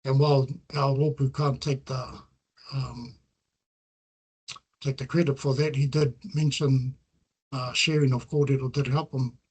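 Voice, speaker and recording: A man's voice: medium pitch, level tone, unhurried, long pauses, darkish tone, breathy edge. A middle-aged man with a New Zealand accent gives an earnest, reflective presentation about his research. He weaves Māori terms into his English. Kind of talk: presentation talk with slides.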